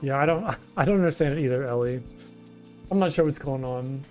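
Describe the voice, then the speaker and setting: A man's voice: mid-range voice, fairly quick, darkish tone. A young man chatting casually and with amusement while streaming a video game from home. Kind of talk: casual gameplay commentary. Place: home gaming setup. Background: game music.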